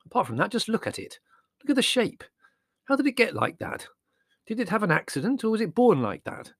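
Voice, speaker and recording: A man's voice: sits high, very animated, a little fast, dry recording, clean studio sound, voice pushed up, exaggerated voice. A man doing a sardonic, scornful young wit. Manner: arch, cutting, theatrical disdain.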